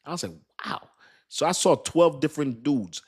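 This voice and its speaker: A man's voice: on the high side, lively intonation, a little fast, husky. A man hosting a crypto livestream, talking loosely and joking, with laughs and apologetic asides. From United States. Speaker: crypto channel host. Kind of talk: casual livestream chat.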